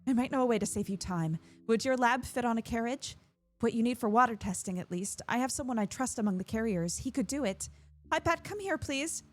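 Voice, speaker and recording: An anxious young woman who runs a shelter frets and apologizes her way through the lines, as a streamer reads her game dialogue aloud. Her voice sits a little higher and lighter, with a nervous edge. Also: animated, brisk, close to an everyday voice. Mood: fretful. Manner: fretful, apologetic.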